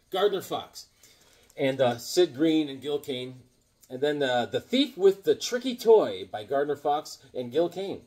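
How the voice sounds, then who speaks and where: A man's voice: a little high, darkish tone. A man casually chatting about his comic collection, rambling and joking, with fillers along the way. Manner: chatty, jokey, rambling with fillers and put-on voices in anecdotes. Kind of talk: casual chat.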